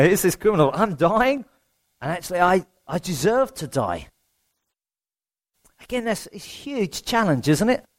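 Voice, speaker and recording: A man preaching a sermon in a conversational way, asking rhetorical questions and poking fun at himself. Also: fairly high pitch. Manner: rhetorical questions, self-deprecating humour.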